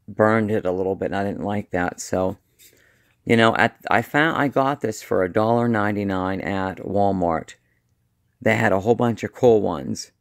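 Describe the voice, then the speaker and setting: A man rambling casually through a show-and-tell video, with a slight lisp and slightly slurred speech, often halting and restarting. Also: on the low side. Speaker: vlogger.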